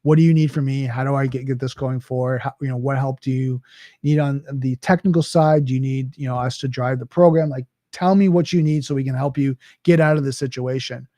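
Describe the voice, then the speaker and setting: A man's voice: medium pitch, fairly even intonation, fairly quick, warm tone, dry recording. A man hosting a podcast, talking in a casual, conversational monologue with frequent restarts and "right?" asides. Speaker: podcast host.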